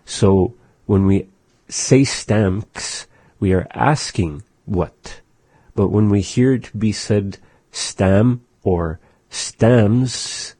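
A man's voice: on the low side, warm tone, husky, dry recording. A man hosting a radio language lesson, patiently saying phrases and explaining their meanings. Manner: slow, patient, repeats phrases. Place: radio studio.

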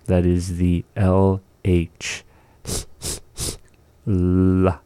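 A man patiently teaching the pronunciation of a language, demonstrating each sound slowly and explaining how it is made. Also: deep voice, fairly even intonation, dark tone, dry recording.

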